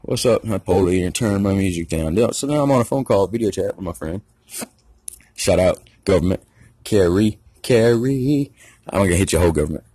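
A man's voice: low voice, animated, a little fast, dark tone, slightly rough, no room sound. A man telling a rambling, profane story in a casual rant. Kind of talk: casual ranting anecdote.

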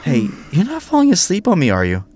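Actor playing a flustered tipsy priest. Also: male voice, a little high, huge pitch swings, fast, a little mellow. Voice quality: flustered, rambling. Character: nervous, tipsy young priest. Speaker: Father Montgomery, a priest.

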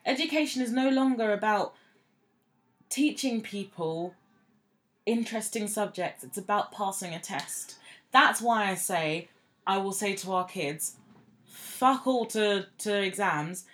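A woman speaks at a medium pitch in casual conversation. She is blunt and opinionated, swearing freely as she argues her points. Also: a little slow, fairly bright tone. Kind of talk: casual chat.

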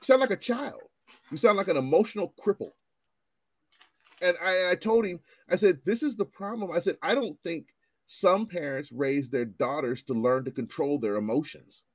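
A man ranting in casual commentary, animated and profane, often repeating himself as he restarts his sentences. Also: fairly high pitch, moderate pace, no room sound.

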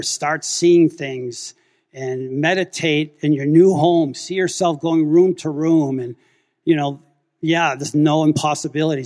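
A man in his fifties telling a congregation a family story, acting out the dialogue with lively energy. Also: on the high side. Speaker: church member sharing a testimony. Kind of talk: testimony story told to a congregation. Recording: long hall reverb.

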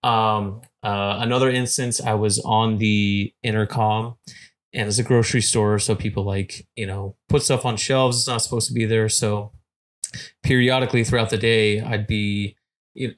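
A man guesting on a podcast, telling loose, chuckling stories full of "like" and "um" fillers. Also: fairly low pitch. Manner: rambling, chuckling, lots of "like" and "um". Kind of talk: casual storytelling chat.

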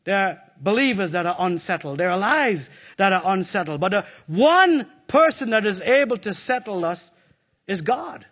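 Animated, bright-voiced male preacher. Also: high-pitched, moderate pace. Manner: animated, playful preaching with call-outs to the congregation. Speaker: pastor. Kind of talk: sermon. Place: church.

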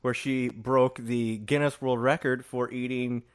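A man's voice: medium pitch, level tone, unhurried, smooth. A man co-hosting a casual podcast chat, joking and teasing his co-host while tasting cookies. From Indiana. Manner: joking, teasing, laughs often. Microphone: headphones and studio mic.

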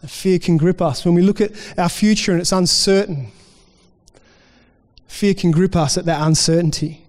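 A man's voice: high-pitched, steady tone, moderate pace, a little mellow. A man preaching a sermon as pastor in a casual, conversational way, often restarting and briefly voicing the people in his story. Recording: long reverb in a hall.

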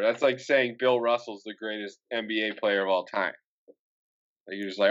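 A man's voice: medium pitch, normal speed, a bit bright. Laid-back laughing man, dull lo-fi sound. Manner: laid-back, laughing often, agreeing with short replies. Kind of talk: casual chat.

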